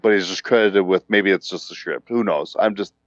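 A man's voice: low-pitched, brisk, no room sound, dull audio. A man co-hosting a podcast, voicing frustrated criticism in casual chat. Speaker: podcast co-host. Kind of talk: casual comic book chat.

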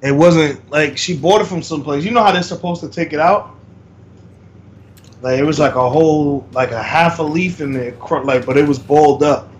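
Man, co-host, casual podcast chat, slightly high pitch, rambling, faint noise behind. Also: moderate pace. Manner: easygoing, loose and rambling.

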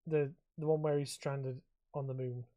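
A man's voice: mid-range voice, flat delivery, moderate pace, phone-quality sound. A man, co-hosting a podcast in casual chat, swearing and rambling as he talks. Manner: sweary, rambling, laughs often. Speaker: podcast co-host.

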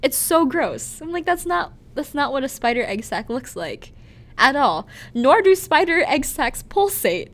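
A woman co-hosting a podcast, telling a story in animated, giggly casual chat with lots of "like.". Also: high-pitched, unhurried. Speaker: podcast co-host.

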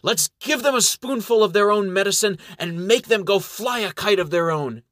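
A man's voice: fairly high pitch, lively intonation, takes it slowly, a bit bright, dry recording, full character voice. A man voicing a plucky, cheerful female gnome battle sage in a spoken fantasy story.

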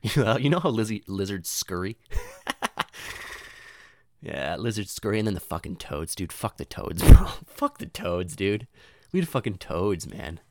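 A young man rambles through a funny story with a low voice that swings high and low. He swears freely, tosses in "dude" and "you know", and restarts his sentences often. The sound is dry and close. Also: sing-song, a little slow, darkish tone, no room sound.

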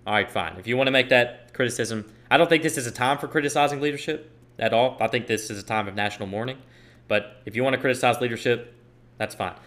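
A man's voice: medium pitch, quick pace, a bit bright. Young male commentator, solo opinion monologue, emphatic, repeats lines for stress, mid-range voice. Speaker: political commentator. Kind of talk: opinion monologue reading tweets aloud.

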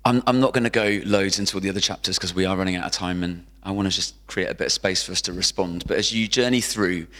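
A man delivers a sermon in a large church hall, his voice trailing off in a long reverb. He speaks in a lowish register, lively and emphatic, and repeats his key phrases to drive them home. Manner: lively, repeats key phrases, often acts out quoted speech. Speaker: pastor.

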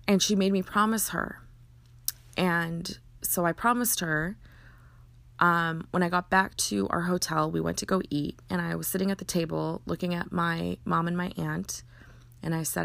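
A woman's voice: fairly low pitch, fairly even intonation, normal speed, vocal fry, a bit bright, no echo. A woman earnestly telling a personal story, acting out the dialogue and often restarting her sentences. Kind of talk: personal story told in conversation.

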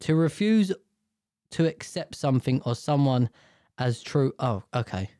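A man's voice: medium pitch, animated, measured pace, mellow, no room sound, clean studio sound. A man reading news stories aloud, stumbling over hard words and ranting about them with lots of swearing. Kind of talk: casual reaction commentary.

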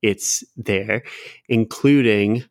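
A man's voice: on the low side, extremely slow, no echo, clean studio sound. A man co-hosting a podcast in loose, casual chat, swearing and laughing easily. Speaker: podcast co-host.

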